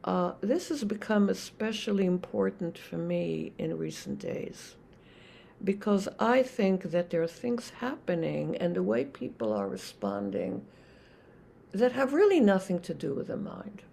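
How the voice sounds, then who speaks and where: An older woman, a Zen teacher, giving a reflective dharma talk with many pauses and restarts. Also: mid-range voice, expressive, vocal fry, warm tone, slight background noise.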